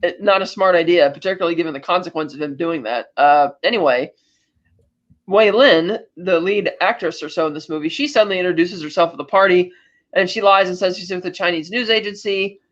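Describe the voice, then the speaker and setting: A woman's voice: fairly low pitch, a little fast, lo-fi sound. A woman co-hosting a podcast, casually retelling a film's plot and acting out characters' lines as she goes. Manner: chatty retelling with quoted lines and laughs. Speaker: podcast co-host. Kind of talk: casual podcast movie recap.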